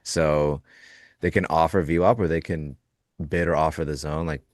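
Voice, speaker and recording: A man's voice: a bass voice, normal speed, no echo, studio quality. A man co-hosting a live trading show, talking casually and jokingly about the market, acting out little quoted lines. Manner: animated, jokey, acts out quoted lines.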